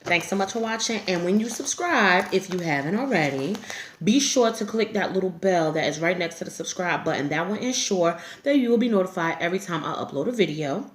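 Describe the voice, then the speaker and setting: Animated, frank woman storyteller in an echoey room. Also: fairly low pitch, brisk, a little hiss or hum. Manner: frank, profane, laughs often while telling. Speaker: YouTube storyteller. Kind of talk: casual storytelling to camera.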